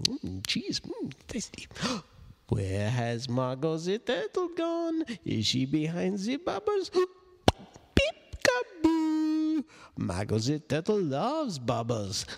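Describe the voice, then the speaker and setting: A man with a gravelly, husky voice reads a baby's picture book slowly and theatrically. His pitch leaps and plunges all over the place, and he gasps, drops to whispers and slips in dry asides. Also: long reverb tail. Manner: theatrical, gasping, dropping to whispers and making animal noises; wry, deadpan asides to the listener. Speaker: reader of children's books. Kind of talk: playful read-aloud of a baby's board book.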